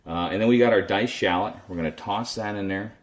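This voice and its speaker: A man's voice: lowish voice, quick pace. A man casually chatting his way through a home cooking demo in his kitchen, rambling and self-deprecating. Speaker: cooking video host.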